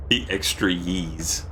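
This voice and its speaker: A man's voice: sits low, background noise. A man chatting casually through a gameplay stream from home, keeping his voice down, thanking viewers and letting out sudden yelps.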